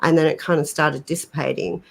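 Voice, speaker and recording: A woman co-hosting a casual livestream on her laptop, talking slowly and drifting into a put-on English accent. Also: low-pitched, steady tone, vocal fry. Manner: slow, drawn-out, slips into a put-on English accent. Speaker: co-host of a paranormal livestream. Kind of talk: casual chat. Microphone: laptop webcam.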